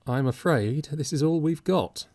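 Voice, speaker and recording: A man's voice: a little high, lively intonation, measured pace, darkish tone, no room sound, voice pushed up. A man reading an audiobook, voicing a flustered, indignant middle-aged lady in a prim, fussy, shaken manner. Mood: apologetic.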